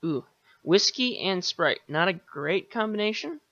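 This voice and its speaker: A man's voice: high-pitched, expressive, measured pace, bright, forceful tone, highs cut off, slight background noise. A man hosting a solo podcast, rambling and sarcastic, swearing casually and talking with lots of fillers. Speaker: podcast host.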